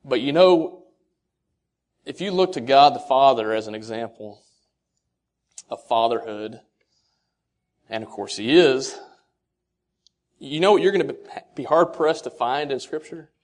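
A man giving a sermon-style talk to fathers, asking rhetorical questions and quoting scripture, his delivery swinging between soft and loud. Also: mid-range voice, lively intonation, a little slow, pauses often. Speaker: speaker addressing fathers.

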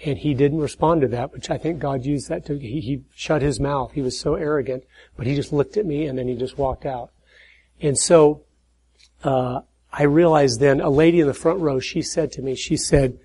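Middle-aged male speaker, husky and dark-toned, earnest preaching talk that rises to emphatic points and drops low. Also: fairly even intonation, moderate pace, rough recording. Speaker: speaker at church and conservative conferences.

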